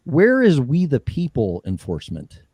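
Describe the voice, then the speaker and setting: A man's voice: medium pitch, huge pitch swings, normal speed, warm tone, breathy edge, dry recording. A man hosting a political talk show, ranting heatedly with profanity and mocking impressions. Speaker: show host.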